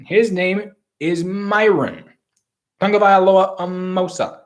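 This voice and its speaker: A man's voice: high-pitched, fairly even intonation, slow pace. A man giving solo football draft commentary in an opinionated, rambling and emphatic way. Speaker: sports commentator.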